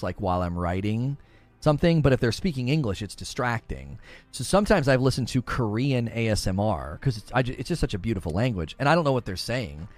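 A streamer host with a mid-range voice is heard on a dry recording. He chats in a relaxed way, often laughing while he reads out comments from viewers.

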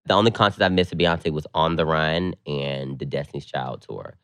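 A very low-voiced man co-hosting a podcast, telling stories in casual, slang-filled chat. His voice leaps up high whenever he gets excited, and the recording is dry and close. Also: normal speed, clean tone, dry recording. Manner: animated, slangy storytelling, leaps up in pitch when excited. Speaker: podcast co-host.

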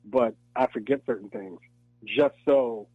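A man, an actor, talking in a relaxed interview and telling animated stories, acting out voices and laughing often. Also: mid-range voice, a little slow, breathy edge, dry recording, narrow, tinny audio. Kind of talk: casual interview chat.

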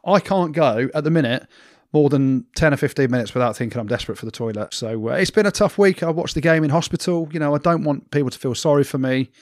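Male podcast cohost, higher pitch, dry close sound, self-mocking storyteller, casual banter. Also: fast talker, dry recording. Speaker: podcast co-host.

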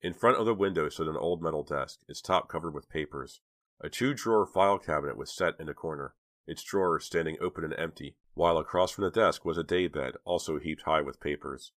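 A man narrating a young-adult thriller audiobook in measured, even storytelling. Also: rumbling low, no room sound, clean studio sound. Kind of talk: scripted narration.

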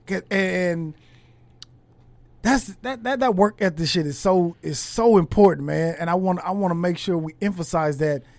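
A male podcast host with a high voice, recorded dry and close with no room sound. He talks in a relaxed, thoughtful way, stopping and restarting as he works out his point. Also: gravelly, no echo. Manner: reflective, halting, with many restarts. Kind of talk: casual conversation.

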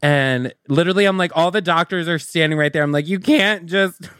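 A podcast co-host chats casually, his voice a little high, bright, clear, and resonant as he talks fast. He tells stories in a rambling way packed with fillers. The recording is dry and studio quality.

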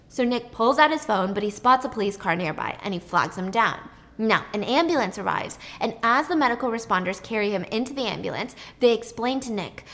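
A young woman telling a story in a loose, chatty way, quick on her words and casual with swearing. Her voice sits a bit high. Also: lively intonation, fairly bright tone.

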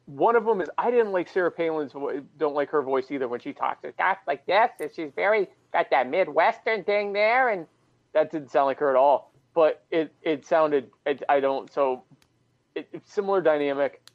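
A man co-hosting a casual political podcast, talking in a mocking way and pushing his voice high for effect. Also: moderate pace, dry recording, dull audio. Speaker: co-host.

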